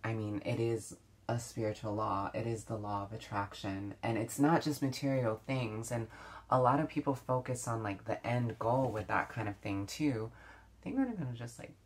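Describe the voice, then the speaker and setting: A woman's voice: rumbling low, fairly even intonation, normal speed, slightly rough. A woman beauty vlogger chatting casually while doing her makeup, reflective, with many fillers and restarts. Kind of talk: casual get-ready-with-me chat.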